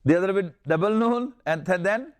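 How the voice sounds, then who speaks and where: A man's voice: sits high, lively intonation, fairly quick, smooth. Older man drilling Arabic verb forms. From Pakistan. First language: Urdu. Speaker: Arabic grammar teacher. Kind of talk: classroom lecture.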